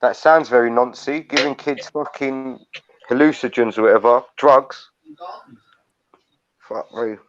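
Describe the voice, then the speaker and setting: A man hosts a live stream in blunt, matey casual chat, swearing freely. His voice has an ordinary middle pitch. The audio sounds dull and lo-fi. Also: steady tone, unhurried, pauses often.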